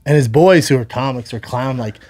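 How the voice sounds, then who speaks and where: A man's voice: medium pitch, a little fast, a little mellow, no echo, clean studio sound. A man co-hosting a podcast, telling a long story in casual chat, rambling and acting out what people said, swearing freely. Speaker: podcast co-host.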